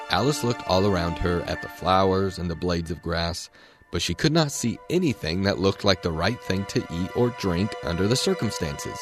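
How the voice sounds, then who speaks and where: A man with a low voice narrates a storybook aloud, swinging his pitch widely as he reads. His telling is dramatic and expressive. Music plays clearly behind him the whole time. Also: normal speed. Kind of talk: storybook reading.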